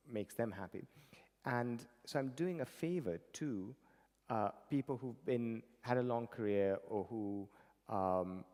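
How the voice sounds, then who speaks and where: A man's voice: fairly low pitch, a little mellow. A middle-aged man from India, a Bengali speaker, answering earnestly and unhurriedly as a conference guest. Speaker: guest, tech founder and investor. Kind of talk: on-stage conference interview. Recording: reverberant conference hall.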